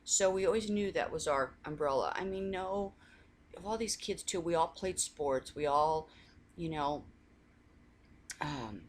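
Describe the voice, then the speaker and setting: A woman's voice: low voice, expressive, measured pace, pauses often, slight background noise. A woman talking in a casual coffee chat, rambling through family stories with many restarts and laughing now and then. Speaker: faith vlogger.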